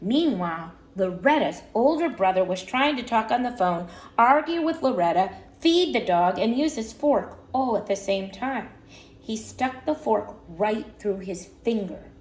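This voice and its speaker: A woman reads a children's story aloud in an animated, expressive way. Her voice sits fairly high. It comes through a video call with a roomy echo. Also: a little slow.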